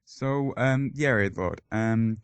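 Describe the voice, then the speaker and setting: A man's voice: on the low side, takes it slowly, smooth, dry recording. A man hosting a podcast, asking questions hesitantly with many fillers. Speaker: podcast host. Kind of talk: casual podcast interview.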